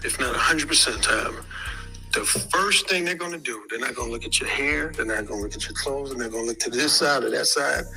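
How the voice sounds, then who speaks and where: A man telling a crude, animated personal story to an audience from a stage. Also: mid-range voice, rough recording. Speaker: speaker.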